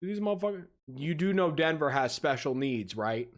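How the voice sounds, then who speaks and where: A male livestream host with a somewhat high voice chats casually with his audience. He is animated and teasing, and his pitch leaps upward as he greets viewers. He laughs often as he goes. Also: brisk. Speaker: livestream host reacting to videos.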